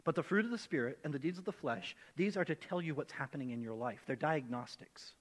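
Male pastor, conversational sermon, slightly high voice, echoing church hall. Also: quick pace. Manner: conversational, animated, acts out voices in quotes.

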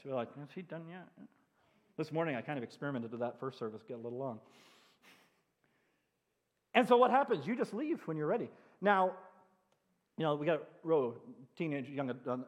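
A man preaching as a pastor, telling stories with animated asides in a church sanctuary. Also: a little high. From New England. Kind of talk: sermon. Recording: long church hall reverb.

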